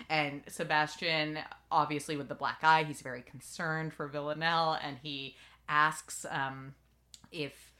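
A woman hosting a podcast, recapping a TV episode in lively casual chat and acting out lines from the scenes. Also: deep voice. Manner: lively storytelling, acts out quotes. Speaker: podcast host.

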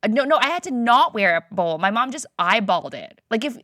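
A woman comedian, a guest, chatting casually and animatedly in an interview, laughing and tossing off quick asides. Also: on the high side, sing-song, bright, forceful tone, dry recording, clean studio sound.

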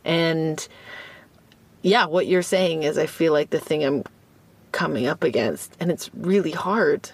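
A woman hosting a casual interview, reacting with excited surprise and reflecting earnestly. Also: low voice, a little slow, husky. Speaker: podcast host.

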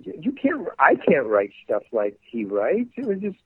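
A man's voice: a little high, huge pitch swings, normal speed, a little hiss or hum. A man telling a story in casual chat, stammering and restarting as he acts out the quotes. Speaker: guest actor telling a story. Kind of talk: casual anecdote, animated. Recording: dry, phone-like narrow sound.

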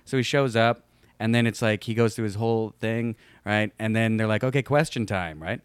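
A young man telling rambling anecdotes as a guest in a casual chat, quick to laugh. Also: on the low side, smooth, no echo. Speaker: guest storyteller.

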